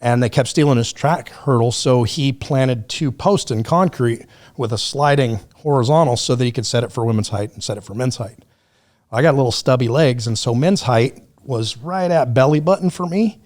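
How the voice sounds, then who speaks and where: A man telling a story on a podcast in a casual, profane, animated way, acting out what others said. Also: mid-range voice, normal speed. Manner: profane, animated storyteller who acts out quotes.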